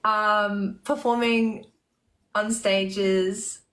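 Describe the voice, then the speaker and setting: A woman's voice: mid-range voice, level tone, very slow, fairly bright tone. Giggly young Australian woman musician. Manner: giggly, chatty, with frequent fillers. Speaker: musician guest. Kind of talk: casual chat.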